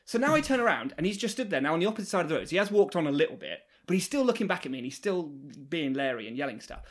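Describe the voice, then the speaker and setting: A young-sounding man with a high, lively voice recounts a mishap on a casual podcast. He swears freely and laughs his way through the story, his pitch bouncing all over the place. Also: very fast. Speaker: podcast co-host.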